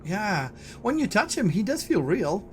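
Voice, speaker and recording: A man narrating a tabletop horror game as game master, speaking English as a second language, halting and repeating words as he goes. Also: sits high, very animated, soft background music. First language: Swedish.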